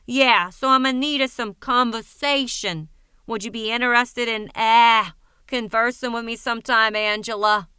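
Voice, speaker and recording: Woman doing a dopey young guy, nasal New England accent, high-pitched, drawling, bright clear tone, storybook reading. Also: steady tone, dry recording. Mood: mocking. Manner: drawling, halting with fillers.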